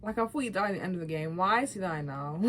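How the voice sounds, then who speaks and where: A woman's voice: fairly low pitch, fast talker, a little hiss or hum. Emotional woman recapping a game. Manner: animated and emotional, often laughing, addresses viewers as guys and bro. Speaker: vlogger. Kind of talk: casual chat recapping a video game story.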